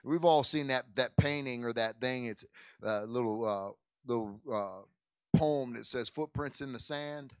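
A man's voice: medium pitch, unhurried, clear, resonant tone, no room sound. A man, a pastor, speaking casually to his congregation in a church service, stumbling over and repeating words as he talks and prays. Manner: folksy, repeats and restarts words often, says "man" and "amen". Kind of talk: informal church service talk and prayer. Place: church sanctuary.

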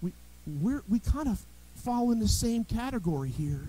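A male pastor preaching a sermon in a church, telling everyday stories with lively emphasis and frequent restarts. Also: extremely high pitch, moderate pace, low-quality recording. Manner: animated storytelling preacher, repeats and restarts words. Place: church sanctuary.

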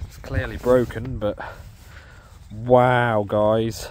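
English guy metal detecting out in a field, slow-talking, gasping and laughing in disbelief, bit of faint outdoor noise. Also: medium pitch, little pitch movement. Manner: breathless, exclaiming, laughing in disbelief. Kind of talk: excited field vlog commentary.

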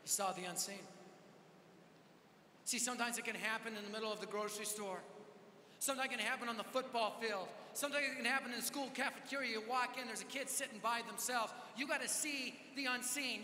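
A man with a very high, sharply bright voice tells a story as a sermon, energetic and quick to poke fun at himself. His voice rings through a large hall with a long reverb and a faint hum of ambience behind it. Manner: energetic, self-mocking storytelling. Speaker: youth event preacher. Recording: echoey hall with live reverb.

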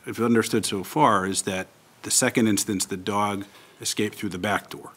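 A man chairing a public hearing on a table microphone, speaking in a formal, measured, procedural way. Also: lowish voice, fairly even intonation, a bit bright. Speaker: meeting chair.

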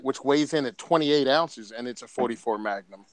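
A man's voice: medium pitch, moderate pace, heavy background noise. Joking man telling a gun story. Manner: storytelling, joking, laughs often. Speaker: podcast co-host. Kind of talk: casual chat.

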